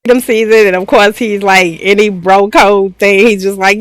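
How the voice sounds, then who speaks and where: A woman's voice: medium pitch, steady tone, moderate pace, no room sound, rough recording. A woman giving a chatty, slangy, casual recap of a reality show, laughing often. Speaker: reaction channel host.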